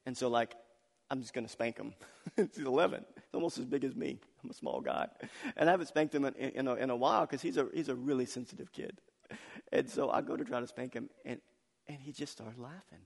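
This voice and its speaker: Animated pastor preaching in a reverberant hall. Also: male voice, mid-range voice, brisk, creaky. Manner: animated storytelling with laughs, swinging loud and soft. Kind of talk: sermon.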